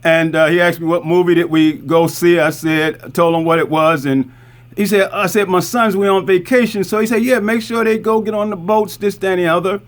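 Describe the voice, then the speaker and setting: Middle-aged imam, raised voice, conversational storyteller who keeps checking in with the room. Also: male voice, fairly high pitch, steady tone, a little fast. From Newark, New Jersey. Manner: conversational, repeats points, asks "right?" often. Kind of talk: community talk with show-and-tell.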